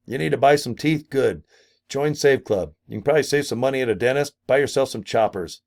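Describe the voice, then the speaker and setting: A man's voice: mid-range voice, a little fast, gravelly, darkish tone. An older man vlogging a casual promotional rant, goofy and crude, full of exaggerated asides and silly put-on voices. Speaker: marketing vlogger.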